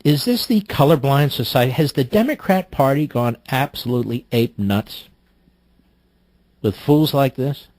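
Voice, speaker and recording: Brief: combative radio host, dry close studio sound, voice leaps up when outraged. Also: male voice, medium pitch, animated, normal speed, no echo. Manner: indignant, mocking, sharp outbursts. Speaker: radio talk show host. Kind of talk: political talk radio commentary. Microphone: studio microphone.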